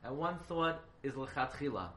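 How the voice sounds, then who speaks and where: A man's voice: mid-range voice, animated, normal speed, fairly bright tone. A man giving a halacha class, questioning his students and spelling words out letter by letter. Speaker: Torah teacher. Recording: echoey room, faint hiss.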